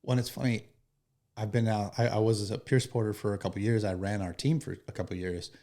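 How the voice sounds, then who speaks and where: A man, a firefighter guest, telling stories in an interview in an animated, joking, profane way. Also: on the low side, fast talker. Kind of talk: storytelling in a podcast interview.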